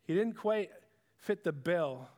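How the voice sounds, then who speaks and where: A male preacher telling a Bible story as a sermon, with dramatic swings between hushed lows and excited highs. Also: slow, long reverb tail.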